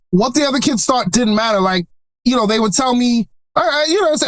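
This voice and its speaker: A man in his forties from Brooklyn, a podcast guest in casual interview chat, an animated storyteller who laughs often. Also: very high voice, quick pace, dry recording. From Brooklyn, New York.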